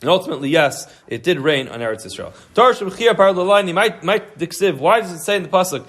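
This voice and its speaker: A man's voice: high voice, animated, quick pace, fairly bright tone. A man teaching a Talmud class, reading Aramaic phrases and then explaining them in casual English. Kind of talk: Daf Yomi class, reading and translating aloud.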